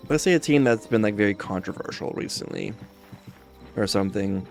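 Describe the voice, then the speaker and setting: A man's voice: fairly low pitch, expressive, a little fast, vocal fry, soft background music. A man streamer chatting casually while he plays a game, rambling and easygoing as he thinks aloud. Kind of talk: casual chat while gaming.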